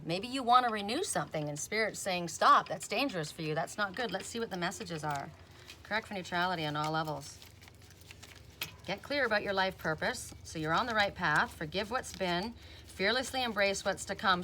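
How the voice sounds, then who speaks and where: A woman's voice: medium pitch, sharp tone, slight background noise. A woman giving a casual spoken oracle card reading. She chats, often tags on "right?", and breaks off with sudden emphatic "Stop.".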